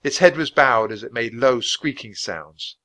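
A man reading a children's chapter book aloud at a natural pace for language learners. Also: unhurried. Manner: reads at a natural, even speed for language learners; jumps higher and louder for the characters' lines. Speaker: storybook reader.

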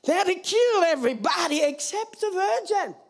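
A woman preacher delivering a sermon, emphatic and often breaking into shouts. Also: very high voice, lively intonation, moderate pace.

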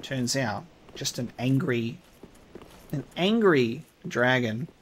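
A man commentating his own video game playthrough, excitable and panicky, swearing, yelping and laughing through a boss fight. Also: mid-range voice, slow pace, slight background noise. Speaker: gaming streamer. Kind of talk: live let's play commentary.

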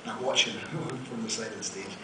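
A man's voice: fairly low pitch, a little fast, noisy background. A man telling profane, self-mocking stories between songs at a live concert, laughing at his own jokes. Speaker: singer-songwriter performing live. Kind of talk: onstage storytelling banter. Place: theater stage, live concert. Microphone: stage mic. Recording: echoey theater, distant mic, loud crowd.

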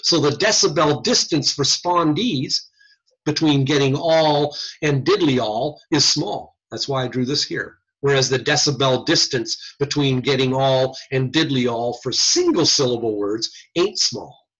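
A man teaching an audiology class in a recorded online lecture, lively and folksy, with casual slang. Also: medium pitch, unhurried, breathy edge, highs cut off. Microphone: computer mic on a video call.

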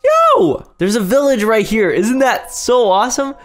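A young man commentating a game, easily startled, swinging from hushed mutters to sudden yells. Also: high voice, normal speed, faint music behind. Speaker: gaming YouTuber. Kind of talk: Minecraft gameplay commentary.

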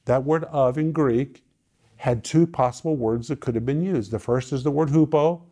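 A male preacher teaching a sermon, emphatic and repetitive, with sudden swings in loudness and pitch. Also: normal speed. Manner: emphatic, repeating phrases with sudden dynamic swings.

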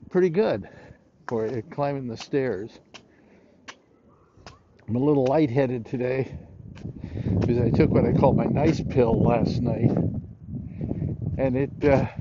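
An older man hosts a casual livestream while walking outdoors in a big city park, rambling, chatty, out of breath, and pausing often. His voice is medium-pitched and warm, and the lo-fi audio carries a little hiss or hum.

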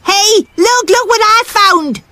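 A woman voicing an eager, excited little boy on a camping trip in a children's cartoon. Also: high voice, takes it slowly.

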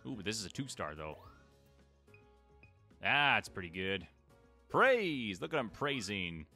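A low-pitched man narrates his gameplay a little slowly over soft background music. As host of a gaming channel, he chats to the creatures on screen and breaks into excited cries.

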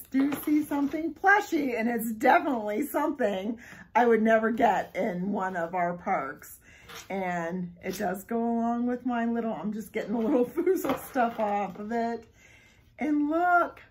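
A woman talks through a casual unboxing vlog in a slow, unhurried way, her voice slightly raised in pitch. She sounds soft and airy, with a breathy edge. She gushes and giggles excitedly. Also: poor audio. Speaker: vlogger unboxing a subscription box.

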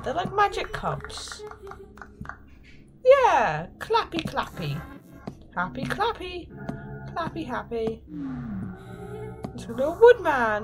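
A woman's voice: sits high, huge pitch swings, takes it slowly, pauses often. A woman giving playful, mock-cheerful commentary while playing a horror game, with sing-song exclamations. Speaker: gaming YouTuber. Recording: game music behind the voice.

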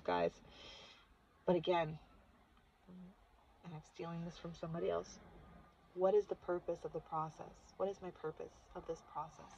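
A woman, a mother, telling a long personal story in a casual vlog and acting out the voices she quotes, swinging from hushed to loud. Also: fairly low pitch, moderate pace, creaky, long pauses, slightly rough, highs cut off. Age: adult with children. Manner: animated, acts out quotes with big swings in loudness. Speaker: vlogger recounting a retreat.

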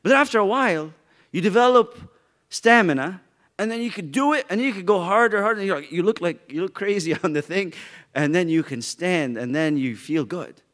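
A man teaching a youth Bible study, animated and joking as he acts out people's reactions. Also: sits high, moderate pace.

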